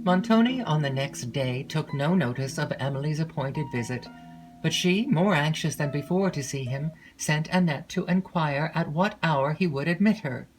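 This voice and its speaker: A woman narrating a classic gothic novel in an unhurried, measured storytelling voice. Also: sits low, animated, a little mellow, soft background music, low-quality recording. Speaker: audiobook narrator.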